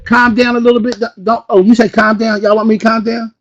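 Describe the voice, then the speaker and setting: A man giving a motivational business training talk, hyped and high-energy, firing questions at his audience like a preacher. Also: level tone, brisk, few pauses, fairly bright tone, highs cut off. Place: Philadelphia.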